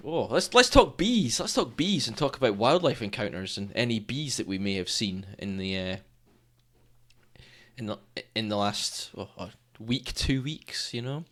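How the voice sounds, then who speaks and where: Animated man telling stories. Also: mid-range voice. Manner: animated storyteller, acts out quoted people. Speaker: podcast co-host. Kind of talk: casual chat.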